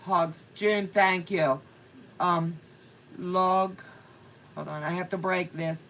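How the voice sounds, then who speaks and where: A woman's voice: lowish voice, fairly even intonation, takes it slowly, pauses often, a bit bright, far from the mic. A middle-aged woman chatting casually on a livestream, telling a funny story with frequent laughs and reading viewer comments aloud. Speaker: co-host of a quilting livestream.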